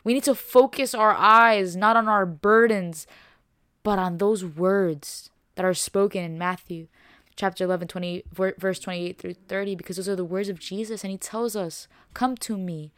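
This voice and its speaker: A woman's voice: mid-range voice, fairly even intonation, moderate pace, a bit bright, clean tone, no echo, clean studio sound. A young woman hosting a faith podcast, preaching with passion and emphasis, repeating herself and dropping casual words like y'all and bro. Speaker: podcast host.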